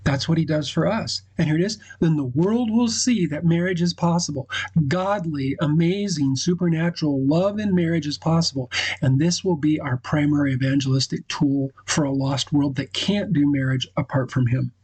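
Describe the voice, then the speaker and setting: A man hosting a devotional talk for husbands, speaking earnestly and quoting scripture, with pauses and restarts. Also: fairly high pitch, a little mellow, husky, no room sound, rough recording. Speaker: host giving marriage advice to husbands.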